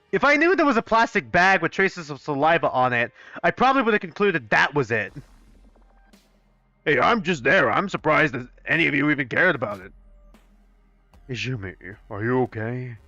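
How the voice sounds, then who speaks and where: A young man playing through a fan game live, voicing characters in an excitable, swearing, mock-outraged way, on a dull, dry recording. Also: on the high side, moderate pace, no echo, soft background music. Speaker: let's play gamer voicing a fan game. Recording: dull, dry close-mic sound.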